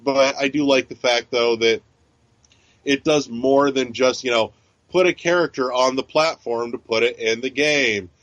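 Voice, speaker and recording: This podcast co-host speaks at a medium pitch in an unhurried way, his tone fairly bright. He chats loosely, rambles and swears, filling his talk with fillers and restarts. The audio has no echo but comes across dull and lo-fi.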